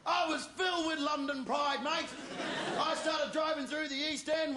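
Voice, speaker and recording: A man on stage doing stand-up, his voice pitched high for a man and swinging between loud shouted punchlines and quicker asides. The recording is from a live show, with crowd noise and laughter clearly heard behind him. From Australia. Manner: animated storytelling with shouted punchlines. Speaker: stand-up comedian. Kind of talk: stand-up routine. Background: audience laughter.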